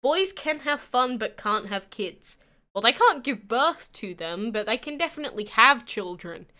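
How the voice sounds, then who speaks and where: A woman's voice: a little high, expressive, normal speed, sharp tone. A nineteen-year-old woman with an English accent, chatting on a livestream and answering viewers' questions. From England. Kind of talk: casual chat answering live chat.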